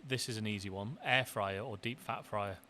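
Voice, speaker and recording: A man hosting a podcast, chatting casually and asking quick-fire questions over afternoon tea in a restaurant. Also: on the low side, sharp tone, slight background noise. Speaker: podcast host, marketing director. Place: restaurant in the city.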